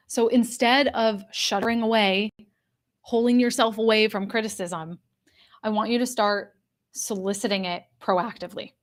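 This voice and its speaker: An earnest woman coach leads a live online class, her pitch sitting in an ordinary middle range. She speaks straight to the people in the chat and repeats her main points so they sink in. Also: steady tone, moderate pace. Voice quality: addresses a live chat audience directly. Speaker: executive coach. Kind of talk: live online workshop talk.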